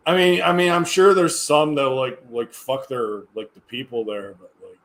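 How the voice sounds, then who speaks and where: A man's voice: medium pitch, fairly even intonation, normal speed, fairly bright tone. A tired man chatting casually on a livestream, rambling and hesitant, often trailing off into mumbles. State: tired, yawning. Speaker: livestreamer reading chat.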